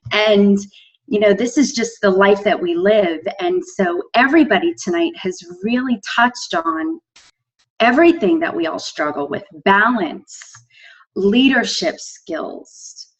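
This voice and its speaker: A woman's voice: medium pitch, animated, slow, low-quality recording. A woman in her forties, a team coach, sharing earnestly and with emotion on a team conference call. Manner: emotional, earnest, laughs between thoughts. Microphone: phone on a call.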